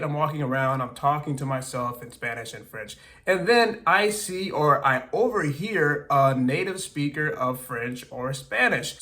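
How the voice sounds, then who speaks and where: A man's voice: fairly high pitch, fairly bright tone. A young adult man talking to camera about language learning, thinking aloud and sometimes fumbling for words. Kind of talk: casual talking-to-camera monologue.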